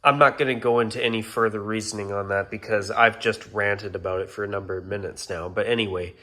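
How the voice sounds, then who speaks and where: Bright-voiced man ranting on a vlog. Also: lowish voice, fairly even intonation, quick pace. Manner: exasperated ranting, repeated apologies. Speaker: YouTuber. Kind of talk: casual vlog rant.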